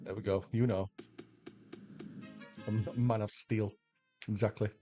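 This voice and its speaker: A man's voice: lowish voice, little pitch movement, unhurried, mellow, faint music behind. An English man livestreaming slots, chatting casually and rambling as he answers viewers' questions aloud. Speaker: slot livestreamer. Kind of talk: casual chat with stream viewers.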